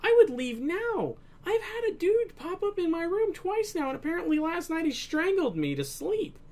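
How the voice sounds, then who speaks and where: A young man doing let's play commentary on a horror game, excitable, swearing often and breaking into laughter. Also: very high-pitched, normal speed. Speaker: gaming video host.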